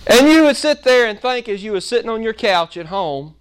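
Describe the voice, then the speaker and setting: A man preaching a sermon, telling a folksy story and acting out its scenes with lively energy. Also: sits high, fairly quick, a little hiss or hum. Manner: animated, folksy, acts out the story.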